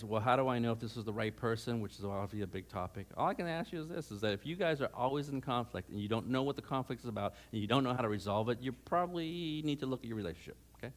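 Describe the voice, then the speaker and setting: A man's voice: medium pitch, fairly bright tone. A middle-aged man giving a conversational sermon on marriage to students, telling stories and often checking in with "okay?". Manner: chatty, anecdotal, frequent "okay?" check-ins. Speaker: speaker at a church student rally. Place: church hall.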